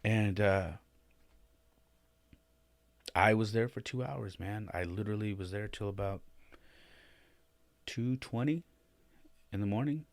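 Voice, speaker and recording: A man with a very low, deep voice tells a personal story on his podcast. He rambles and restarts often, tacking "man" onto his sentences. The sound is close and dry, with no room echo. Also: takes it slowly, pauses often. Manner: rambling, many restarts and "man", rising and louder when emotional. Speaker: podcast host. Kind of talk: casual storytelling monologue.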